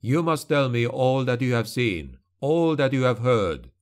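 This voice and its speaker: A man voicing a cold, commanding male witch hunter who speaks slowly and with measured authority. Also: medium pitch, lively intonation, natural voice. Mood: stern.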